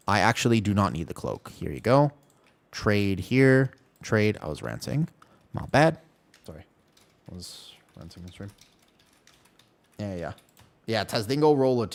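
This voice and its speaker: A man streaming a game live, chatting casually and animatedly with his viewers, with keyboard typing behind him. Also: fairly low pitch. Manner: chatty, animated, talks to chat by name. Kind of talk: casual live-stream chat while gaming.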